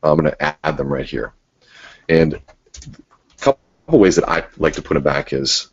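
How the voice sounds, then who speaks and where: Deep husky-voiced man coaching a webinar. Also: moderate pace, long pauses, muffled recording. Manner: coaching, acts out sample dialogues with strong inflection. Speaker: webinar presenter. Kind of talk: sales training webinar.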